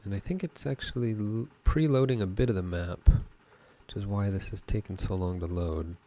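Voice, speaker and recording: A man, a game developer, talking through his code as he works, thinking aloud with pauses and fillers. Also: lowish voice, mellow. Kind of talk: live coding commentary.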